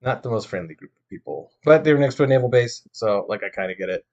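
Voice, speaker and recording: A man's voice: mid-range voice, animated, fast, highs cut off. Chatty young man, rambling casual talk. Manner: chatty, rambling, laughs often. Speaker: podcast co-host. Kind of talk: casual chat.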